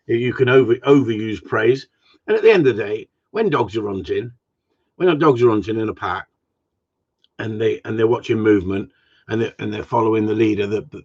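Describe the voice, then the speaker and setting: Here a man who trains gundogs handles viewer questions in an easygoing chat, blunt and rambling, with swearing tossed in. His voice is on the low side and husky, and the audio comes across dull and lo-fi.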